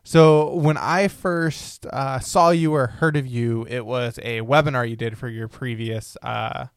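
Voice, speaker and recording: A male interviewer with a smooth, resonant voice asks his guest questions, hesitating and filling pauses with "um" and "uh." The sound is dry, with no room echo. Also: mid-range voice, steady tone. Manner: hesitant, many fillers. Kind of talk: casual interview.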